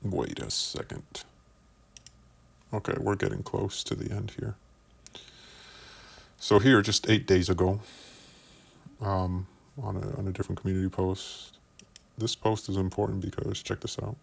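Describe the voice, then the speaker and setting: Deep-voiced man with some vocal fry, measured investigative commentator who restarts his phrases while laying out evidence. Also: level tone. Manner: measured, explains by walking through screenshots; stumbles and repeats words while building a point. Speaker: commentary youtuber.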